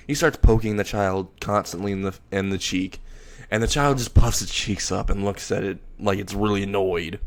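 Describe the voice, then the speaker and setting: Low-voiced man rambling through a fan story. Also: normal speed. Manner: rambling, restarts often, swears casually. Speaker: narrator. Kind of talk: casual fan story narration.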